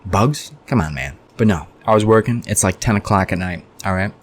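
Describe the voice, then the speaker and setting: A man's voice: on the low side, a little fast, a little hiss or hum. A young man telling a storytime vlog in a casual, profane, rambling way that keeps drifting onto tangents. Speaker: storytime vlogger.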